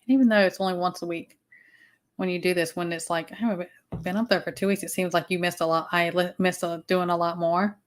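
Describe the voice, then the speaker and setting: Speaking with a Southern American accent, this livestream host chats casually in a voice on the low side. Her tone is steady and her pace a little fast, with rambling speech full of fillers and restarts.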